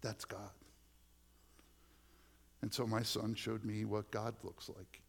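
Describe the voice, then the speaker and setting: Gravelly man preaching a sermon. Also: lowish voice, flat delivery, slow. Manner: conversational, personal storytelling, drops to near-whispers for emphasis. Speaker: pastor.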